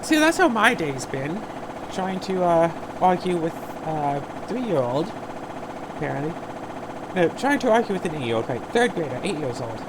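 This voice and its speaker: A woman's voice: fairly low pitch, very animated, moderate pace, background noise. Ranting, sarcastic woman gamer. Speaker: let's-play host. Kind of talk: casual gameplay commentary.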